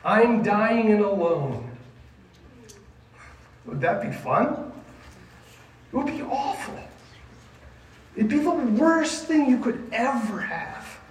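A man preaching a sermon to a junior high group, emphatic and asking the listeners questions. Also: big pitch swings, slow, pauses often, slight background noise. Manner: emphatic, asks the audience questions. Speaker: youth pastor. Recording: echoey room, mic at a distance, faint ambience.

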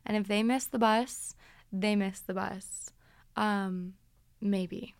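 A woman's voice: mid-range voice, steady tone, slow, no room sound. A woman in her twenties casually telling stories from her teens as a podcast host, chatty and dramatic. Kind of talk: casual storytelling.

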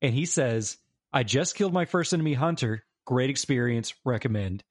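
A man co-hosting a casual gaming podcast, laughing often and talking fast. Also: medium pitch, animated, no echo, studio quality. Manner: laughing, quick, reads reviews aloud. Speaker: podcast co-host.

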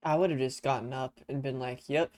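A man's voice: medium pitch, fairly even intonation, fairly quick, darkish tone, no room sound. A young man co-hosting a podcast, chatting casually, teasing his friend and laughing easily. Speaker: podcast co-host. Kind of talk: casual chat.

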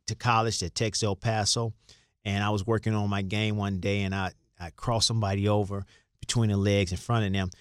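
Middle-aged man, low voice, dry close mic, relaxed rambling guest storyteller. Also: dry recording. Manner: loose, rambling, repeats words, laughs while telling stories. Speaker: interview guest, former basketball player. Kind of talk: casual storytelling interview.

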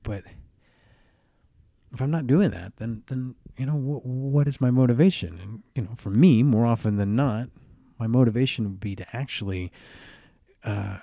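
A man's voice: medium pitch, moderate pace, vocal fry, warm tone, dry recording, studio quality. A man hosting a podcast, talking earnestly and reflectively on his own, often restarting phrases and adding "right?" asides. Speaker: podcast host. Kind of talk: reflective solo podcast monologue.

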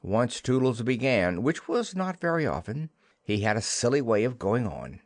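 A man narrating a classic children's novel as an audiobook, in an expressive storytelling manner. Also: on the low side, a little slow, no room sound, studio quality.

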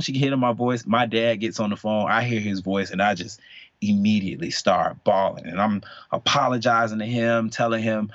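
A man co-hosting a podcast, sharing a candid personal story in a casual, animated way and laughing now and then. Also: on the low side, brisk, no echo. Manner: animated, emotional, laughs often. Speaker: podcast co-host. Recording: dry, slightly dull podcast mic.

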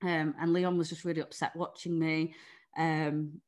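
A low-voiced young English woman relates a personal story at a moderate pace with little pitch movement. Her casual, frank style is heavy on "like" and "you know," with occasional swearing.

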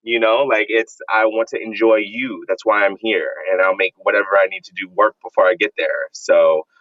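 A young man from Florida, a vegan content creator, telling stories in casual chat with animated, emphatic slang. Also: lowish voice, a little fast, no echo, highs cut off. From Jacksonville, Florida, US.

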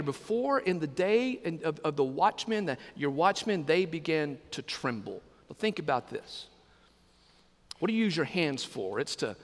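Male pastor, high voice, playful sermon with questions to the pews, live hall reverb. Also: fairly bright tone. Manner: humorous, asks the congregation questions. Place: church sanctuary.

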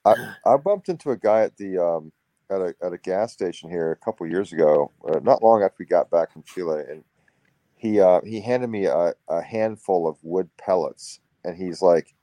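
A man's voice: low-pitched, lively intonation, normal speed, mellow, no echo. A man, hosting a casual conversation and telling rambling stories. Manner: rambling storyteller. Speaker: podcast host.

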